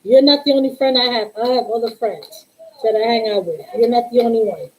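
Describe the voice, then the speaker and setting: A woman hosting a casual live stream, telling a story in a sassy, animated way and quoting the other side of the exchange. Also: fairly high pitch, a little fast, a little hiss or hum, low-quality recording. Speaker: tarot reader and live-stream host.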